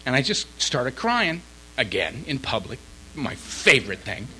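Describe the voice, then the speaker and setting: A man's voice: mid-range voice, unhurried, heavy background noise. A man speaking at a recovery meeting, telling a personal story with feeling and acting out what others said. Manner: emotional storyteller, quoting others in lively voices. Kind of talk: recovery talk.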